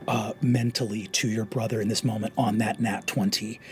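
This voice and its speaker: A game master narrating a tabletop game with dramatic pacing, often dropping into a whisper for tension. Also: male voice, lowish voice, fairly even intonation, normal speed, hardly any pauses, faint music behind. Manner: hushed, shifting to whispers for tension.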